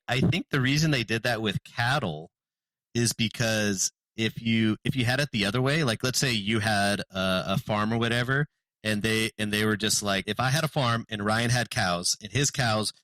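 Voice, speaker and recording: A man co-hosting a podcast, telling a history story in a rambling, animated way with many restarts and asides. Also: fairly low pitch, a little fast, no echo, rough recording. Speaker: podcast co-host.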